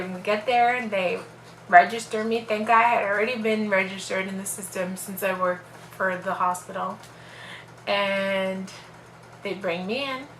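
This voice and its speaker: A woman's voice: medium pitch, echoey room, slight background noise, poor audio. A young woman casually telling a personal story on her vlog, acting out what people said. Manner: animated, acts out quoted voices.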